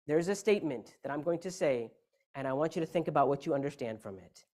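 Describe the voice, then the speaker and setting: A man preaches a Friday sermon in a mosque hall. He leans hard on single words and keeps asking rhetorical questions. His voice sits fairly high for a man. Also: expressive, fast talker, darkish tone. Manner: emphatic, rhetorical questions, shifting stress.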